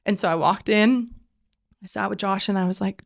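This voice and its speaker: An earnest woman in her thirties tells a personal faith story as a podcast guest. Her voice sits at an ordinary mid pitch. She fills her talk with "like" and "um" and sinks to a hushed near whisper when she quotes her prayers. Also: fairly even intonation, normal speed, creaky.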